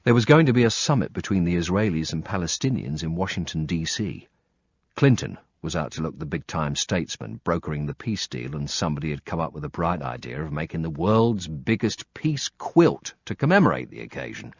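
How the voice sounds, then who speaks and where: A man's voice: a bass voice, lively intonation, brisk, breathy edge, dry recording. A man reading a first-person audiobook with dry, wry storytelling and blunt swearing, on slightly muffled audio. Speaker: audiobook narrator.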